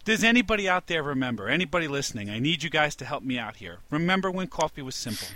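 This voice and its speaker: A man's voice: on the high side, very animated, fast, a little hiss or hum. Ranting New York man. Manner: exasperated, ranting, rising to indignant shouts. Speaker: podcast co-host. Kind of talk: comedic rant.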